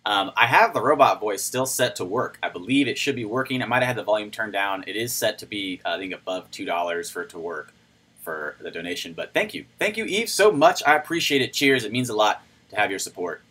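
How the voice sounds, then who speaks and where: A man's voice: lowish voice, brisk, bright, forceful tone, poor audio. A man hosting a casual livestream, chatting loosely and greeting viewers by name as he reads their comments. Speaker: crypto livestream host.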